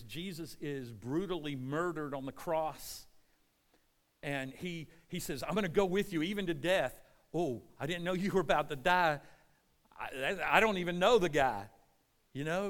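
A man preaching a sermon, retelling scripture stories and acting out their voices, often restarting with repeated words. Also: mid-range voice. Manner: storytelling, acts out quoted voices.

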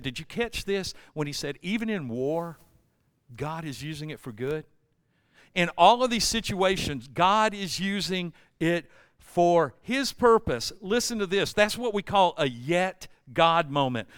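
A man's voice: fairly high pitch, fairly bright tone, smooth, no room sound, studio quality. A man preaching a sermon, storytelling and then building emphatic repeated refrains. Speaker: pastor.

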